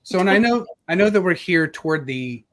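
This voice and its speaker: A man who is an author, speaking earnestly and reflectively at a live launch event over a video call, with pauses and filler words. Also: high-pitched, a bit bright.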